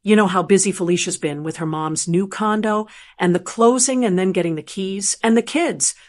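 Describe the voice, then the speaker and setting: A woman voices an anxious adult son who rambles and pleads, pitching slightly above her narrating voice. She speaks at a moderate pace in a natural voice.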